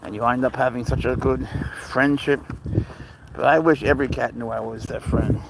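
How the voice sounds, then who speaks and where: A man's voice: mid-range voice, steady tone, normal speed, gravelly, background noise. Easygoing man live-streaming outdoors. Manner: rambling, easygoing, baby-talks to his cat. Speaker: livestream host with his pet cat. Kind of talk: casual live-stream chat, answering viewers. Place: outdoors on a walk near a road.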